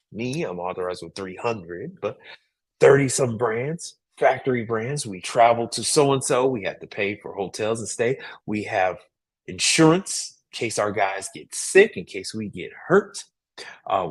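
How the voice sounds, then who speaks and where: A man hosting a casual livestream, giving emphatic business advice with a lot of repetition and frequent "right?" checks. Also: mid-range voice.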